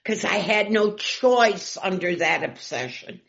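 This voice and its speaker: A middle-aged woman giving an emotional personal share at a recovery meeting, swinging between loud bursts and near whispers. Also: mid-range voice, expressive, takes it slowly, muffled recording.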